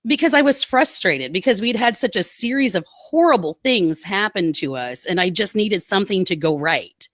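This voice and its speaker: A woman, a military spouse telling her story in a podcast interview, earnest and quick with asides. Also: mid-range voice, expressive, fairly bright tone, no echo. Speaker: guest, military spouse advocate.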